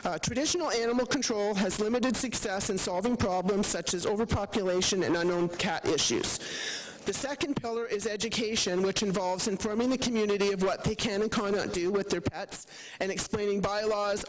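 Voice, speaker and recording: A woman's voice: medium pitch, fairly quick, slight background noise, rough recording. A woman representing an animal rescue gives a loose, chatty presentation to a town council, with plenty of fillers. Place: council chamber.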